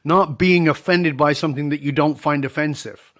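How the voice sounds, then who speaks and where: A man's voice: fairly high pitch, normal speed, fairly bright tone. A middle-aged man, a leadership speaker and podcast guest, telling stories and acting out both sides of the dialogue. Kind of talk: storytelling in a podcast interview.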